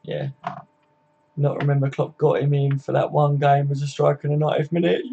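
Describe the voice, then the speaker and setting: A man's voice: a little high, completely flat delivery, a little fast, creaky, dark tone, highs cut off, a little hiss or hum. A man hosting a casual live football chat, reading and answering viewer comments by name, swearing freely and laughing often. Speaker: livestream host.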